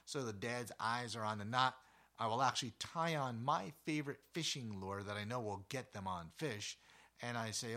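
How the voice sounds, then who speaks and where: A man giving casual outdoor tips in a folksy, animated way, joking and now and then dropping into a hushed trail voice, filmed outdoors in the mountains. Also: mid-range voice. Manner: folksy, animated, jokes, mimics quiet trail voice. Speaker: outdoors host.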